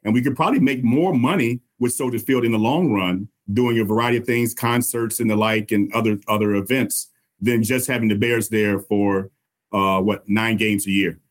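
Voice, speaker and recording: A man's voice: lowish voice, normal speed. Earnest man explaining his politics. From Chicago. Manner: earnest, repeats words while explaining. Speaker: alderman and mayoral candidate. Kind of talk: interview answers.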